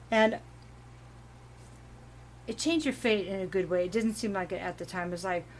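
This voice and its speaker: A woman giving a casual, meandering tarot reading at home, giggling now and then and clearing her throat from allergies. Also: mid-range voice, a little slow, a little hiss or hum. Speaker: tarot reader.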